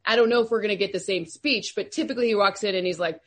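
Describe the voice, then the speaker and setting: A woman's voice: mid-range voice, rapid-fire, hardly any pauses. A woman from Luxembourg, a football analytics expert, talking in an upbeat, friendly way on a podcast. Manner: friendly, upbeat, frequent "like" fillers. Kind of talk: casual podcast interview.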